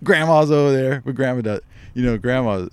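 A man's voice: mid-range voice, brisk, darkish tone, clean tone, no room sound. A man co-hosting a podcast, telling rambling stories in casual chat and laughing as he goes. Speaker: podcast co-host.

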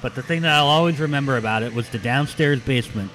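A man speaking as a guest on a radio show, relaxed and chatty as he slips into an anecdote of his own. His pitch sits right in the middle for a man, and his delivery stays plain and steady. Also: quick pace, a little hiss or hum. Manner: easygoing, anecdotal. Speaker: guest, political consultant. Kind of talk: casual chat.

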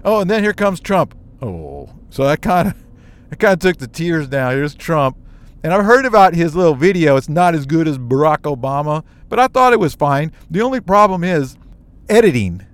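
A man from the United States telling a personal story on his own show, animated and emotional, with quick asides. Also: fairly high pitch.

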